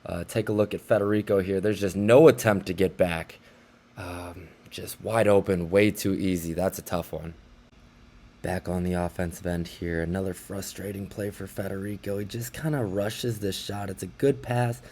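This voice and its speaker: A young man casually recapping basketball highlights like an excited fan commentator. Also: moderate pace.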